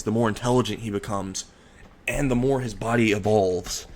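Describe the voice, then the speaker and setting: A man's voice: lowish voice, close to an everyday voice. A man voicing a stern father who turns harsh and fearful, with lines read in a plain storytelling tone.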